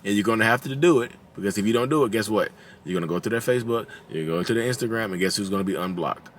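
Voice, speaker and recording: Racing along in a low-side voice with slight background noise, a man in his thirties with a Southern drawl talks casually to viewers on his own channel. He acts out quotes loudly and laughs at his own jokes in this talking-head commentary.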